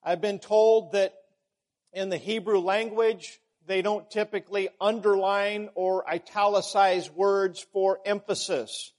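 A man delivers a sermon at an unhurried pace, his voice sitting high. He builds emphasis through repetition, lifting on key words, then dropping back to a measured teaching tone. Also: steady tone, darkish tone. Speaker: preacher.

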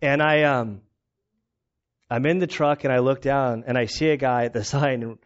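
A male pastor preaching in a casual, storytelling way, animated and self-mocking, often laughing. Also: mid-range voice, moderate pace. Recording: dull lo-fi recording.

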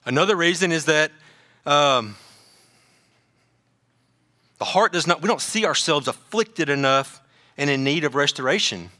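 Bright-voiced preacher. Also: male voice, on the high side, unhurried, long pauses. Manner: animated, repeats words, joking asides. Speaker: pastor. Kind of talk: sermon.

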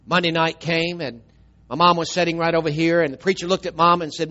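A middle-aged man, preaching a storytelling sermon and swinging from emphatic, loud telling to a soft, tearful hush. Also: fairly high pitch, steady tone, a little fast, dull audio.

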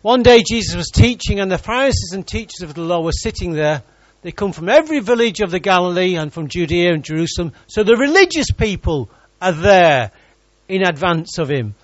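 A man's voice: high-pitched, animated, fairly quick, hardly any pauses, dry recording, muffled recording. A man preaching a sermon in church, reading scripture and joking with the congregation.

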